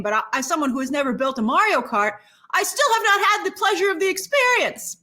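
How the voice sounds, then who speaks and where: A woman reviewing a film with snarky, expressive commentary. Her high voice swings widely in pitch and has a bright, sharp edge. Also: quick pace, hardly any pauses. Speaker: film critic.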